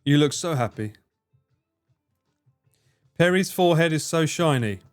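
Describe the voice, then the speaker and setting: A man's voice: a little high, expressive, a little slow, clean tone, soft background music. A man streaming live, chatting casually with his viewers, swearing freely, laughing and bantering.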